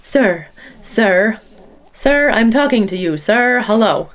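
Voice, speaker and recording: A woman voicing a mother cooing at her baby son in high sing-song baby talk. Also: animated, slow pace.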